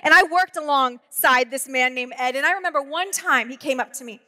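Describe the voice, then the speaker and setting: A woman pastor in her thirties preaching a sermon, telling stories with quick asides and humor. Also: high voice, pushed and bright. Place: church auditorium. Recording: long hall reverb.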